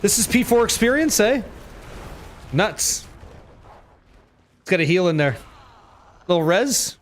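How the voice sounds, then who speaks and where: A man with a notably high speaking voice narrates his game for a live chat. He is excitable and playful, swearing casually as he reacts to the action. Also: slow pace, pauses often, slight background noise. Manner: excitable, joking, swears freely. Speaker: game streamer. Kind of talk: live gameplay commentary with chat.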